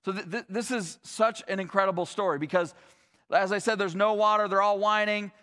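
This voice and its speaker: Animated, conversational male pastor. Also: sits high, brisk. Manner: conversational and animated, with casual asides. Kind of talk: sermon.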